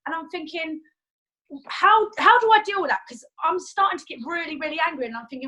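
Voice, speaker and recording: A woman from the United Kingdom asking a question on a video call, agitated and rushing through her story with lots of fillers. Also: high-pitched, lively intonation, bright, forceful tone, poor audio. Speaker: group member asking a question.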